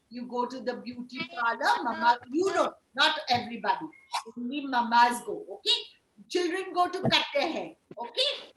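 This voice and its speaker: Animated, high-voiced teacher. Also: female voice, reverberant, slight background noise, low-quality recording. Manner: animated, exclamatory, checks in with "okay?". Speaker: kindergarten teacher. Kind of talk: children's lesson with puppets.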